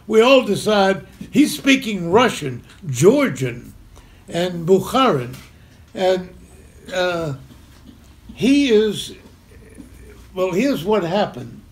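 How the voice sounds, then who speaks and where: An older man tells a personal story to a live audience, chuckling and acting out the scenes. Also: high voice. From Memphis, Tennessee, US. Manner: animated, chuckling storyteller who acts out scenes. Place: community center talk in front of an audience.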